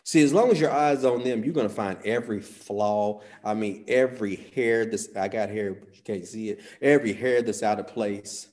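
A man preaching a sermon, swinging from soft, quiet phrases to sudden loud, emphatic peaks. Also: on the low side, moderate pace, hardly any pauses.

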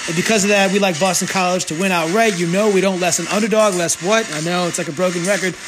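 A man's voice: sits high, steady tone, fast, over music. A man hosting a sports betting podcast, ranting in a sarcastic, profane, rambling way into a sensitive desk microphone. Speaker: podcast host and sports bettor. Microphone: new sensitive microphone at a desk.

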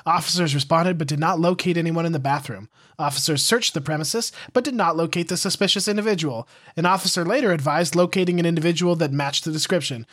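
Male co-host, high voice, reads police blotter with jokes. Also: fast talker, few pauses, fairly bright tone. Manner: reads reports then jokes about them. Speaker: podcast co-host reading police reports. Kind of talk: casual chat, reading police blotter aloud.

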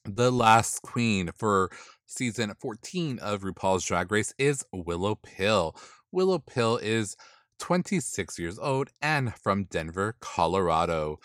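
A sassy man talking through drag runway looks in a casual commentary vlog, his voice sitting on the low side. He is blunt and swears freely, with drawn-out put-downs. The sound is dry and close, with no room around it. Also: expressive, fairly bright tone, no room sound. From not from the East Coast.

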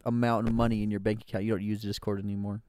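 A man's voice: lowish voice, flat delivery, very fast, a crowd in the background. A man hosting a podcast over an online call, teasing his friends and laughing often. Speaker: podcast host. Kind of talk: casual banter among friends.

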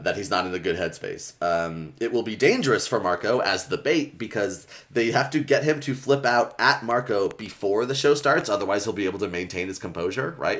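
A man's voice: sits low, a bit bright. A man hosting a podcast, casually retelling a book's plot in loose, rambling talk full of fillers and swearing. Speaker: podcast host recapping a book. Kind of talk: casual chat.

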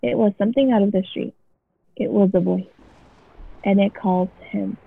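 A woman's voice: medium pitch, steady tone, moderate pace, creaky, husky. A woman casually reading a scary story aloud as a podcast co-host. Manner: casual, swears freely. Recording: tinny phone-like sound.

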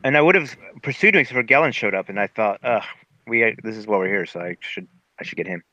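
Bright playful male tabletop player. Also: fairly low pitch, lively intonation, fast talker, dry recording, highs cut off. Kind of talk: tabletop game play.

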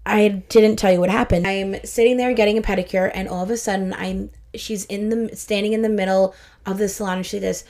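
Brief: young woman podcast co-host, mid-pitch, chatty, animated storyteller. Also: a little fast, hardly any pauses. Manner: chatty storyteller, acts out quotes. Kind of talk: casual chat.

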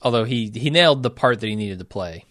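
A man co-hosting a podcast, chatting casually and keeping the list moving, sometimes spelling names out loud. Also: mid-range voice, lively intonation, fast talker, no room sound, clean studio sound. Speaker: podcast co-host. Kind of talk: casual chat.

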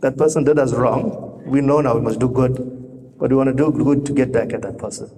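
A man's voice: mid-range voice, steady tone, a little fast, dark tone. A man preaching a sermon, talking conversationally to the congregation and asking them rhetorical questions. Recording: reverberant hall with faint noise.

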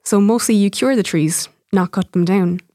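A woman voicing a blunt, gently mocking young woman in a short story. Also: mid-range voice, normal speed, no room sound, clean studio sound, lightly acted. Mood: teasing.

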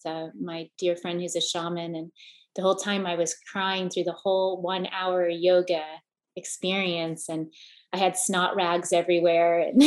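A middle-aged woman hosting a podcast, talking with feeling and often stumbling over and repeating her words. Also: on the low side. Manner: heartfelt, repeats words while searching for them. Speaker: podcast host. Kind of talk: emotional conversational chat.

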